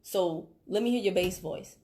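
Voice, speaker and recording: A woman coaching a team member on a call, talking in an animated way, laughing and acting out quotes. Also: on the low side, moderate pace. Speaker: business coach.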